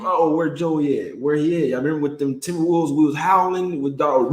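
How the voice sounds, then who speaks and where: A man's voice: a little high, a little fast, few pauses, echoey room, low-quality recording. Slangy, laid-back male stream host. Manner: slangy, laid-back banter, greets chat by name. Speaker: sports betting livestream host. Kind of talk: casual livestream chat.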